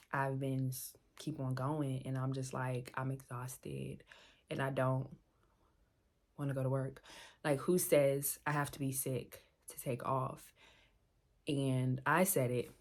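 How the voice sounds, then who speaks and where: A woman vlogger talking candidly about her own feelings, repeating herself for emphasis. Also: low voice. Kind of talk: candid personal vlog talk.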